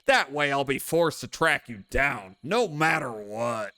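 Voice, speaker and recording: A man's voice: medium pitch, expressive, measured pace, bright, forceful tone, dry recording. A man reading the lines of a brash, aloof young male drifter from a video game, curt and dismissive. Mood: wary.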